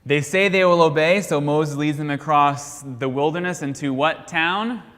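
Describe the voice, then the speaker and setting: Bright-voiced American man quizzing a class. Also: on the high side, normal speed. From United States. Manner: quizzing, leaves sentences hanging for the class to finish. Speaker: Sunday school teacher. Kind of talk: question-and-answer Bible review. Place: church classroom. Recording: long hall reverb.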